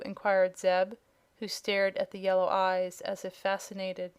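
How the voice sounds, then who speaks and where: A woman narrating a children's fantasy audiobook in an even, unhurried storytelling manner. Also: medium pitch, clear, resonant tone.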